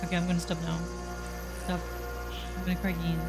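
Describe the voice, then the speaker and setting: A woman streamer giving casual, excitable reaction commentary on a game, swearing and laughing often. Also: fairly low pitch, quick pace. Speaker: gaming streamer. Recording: background music under voice. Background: background music.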